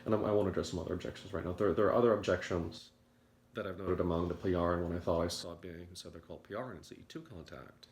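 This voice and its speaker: A man giving a rambling morning monologue to a video audience, halting and repeating words as he goes. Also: low voice, darkish tone, roomy sound, a little hiss or hum. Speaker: video commentator.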